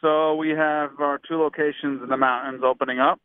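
A man with a Baltimore accent calling in as a guest, talking in a relaxed way with lots of fillers. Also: on the high side, a little fast, smooth, dry recording. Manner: relaxed, uses many fillers like "like". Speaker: guest on the phone. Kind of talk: casual radio phone interview. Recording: tinny phone line.

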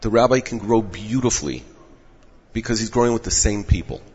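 A fairly low, husky-voiced man losing his voice, explaining in a measured, advising way. The recording is dull with a long echo around him. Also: a little mellow. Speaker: rabbinic placement director. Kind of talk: explanatory interview answers. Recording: echoey dull room audio.

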